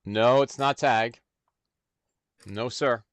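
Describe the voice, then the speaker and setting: A man hosting a casual livestream, thinking aloud in a halting, unhurried way while he works on cards. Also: medium pitch, no room sound. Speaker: stream host.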